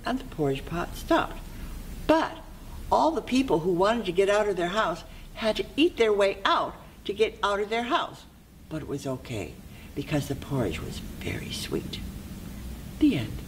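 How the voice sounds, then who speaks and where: A library volunteer telling a fairy tale aloud in an expressive way, sometimes dropping to a soft whisper. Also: mid-range voice, a little hiss or hum, rough recording.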